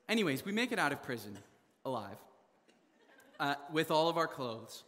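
A young man from Canada telling a funny story in a sermon, animated, laughing often and full of fillers. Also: on the high side, moderate pace, long pauses, big-room sound, slight background noise. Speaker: preacher.

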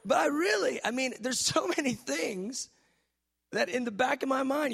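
A man, a pastor preaching a charismatic sermon, swinging from soft musing to shouted preaching. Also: very high voice, animated, normal speed, vocal fry, husky.

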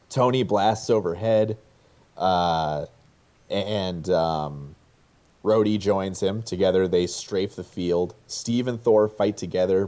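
A man in his thirties, a podcast co-host, casually retelling a film scene with excitement and plenty of swearing. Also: on the low side. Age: 30s. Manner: slow, excited, swears freely.

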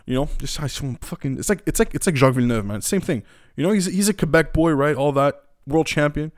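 A man's voice: a little high, fast talker, dry recording, studio quality. A young man hosting casual commentary, rambling, opinionated and profane. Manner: rambling, profane, many fillers and restarts; opinionated and animated. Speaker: podcast host.

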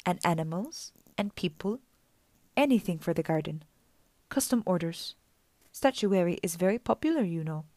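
A soft, sweetly sinister old woman speaks slowly and soothingly, her sadness sounding deep and real, as a female audiobook reader puts her on. The voice sits a little low, and the sound is dry and close. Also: expressive, dry recording, natural voice. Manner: slow, soothing and sad. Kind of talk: audiobook character reading.

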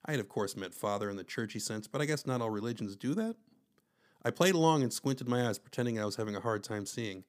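A man's voice: medium pitch, lively intonation, fast talker. A man narrating a first-person story with wry, conversational asides.

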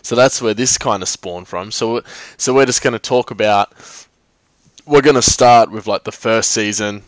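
Male podcast host, low voice, dry close sound, loose rambling chat. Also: moderate pace, no echo. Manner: rambling, many fillers and restarts. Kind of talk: casual chat.

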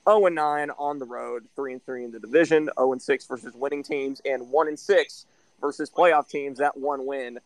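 A man talks football on a casual podcast recorded out in a backyard, blunt and stat-heavy in his takes. His voice sits at a middling pitch and sounds dry and close to the mic. Crickets chirp softly behind him. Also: steady tone, moderate pace, dry recording, poor audio. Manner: blunt, breaks down records and stats. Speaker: podcast co-host. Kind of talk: casual sports podcast chat. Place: backyard, outdoors.

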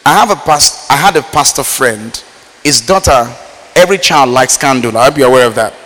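A man from Nigeria preaching a sermon, swinging between loud emphatic lines and low quiet asides. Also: lively intonation, fairly quick. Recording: reverberant hall.

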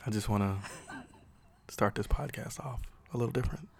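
A man putting on a slow, low late-night radio DJ voice as a podcast co-host, talking very close to the microphone, with music playing behind him. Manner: speaks slowly with lips close to the mic, smooth-talking.

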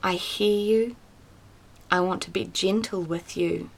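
A gentle, patient God speaks in a low, soft hush, as a woman quotes him in her devotional talk. The tone is calm and reassuring, never stern. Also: moderate pace, vocal fry.

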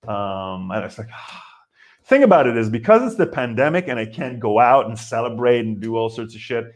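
A man's voice: mid-range voice, expressive, moderate pace. Rambling man in his forties ranting. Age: 40s. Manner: rambling, frequent restarts and fillers, acts out quotes. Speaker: comedian host. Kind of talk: live comedy rant podcast.

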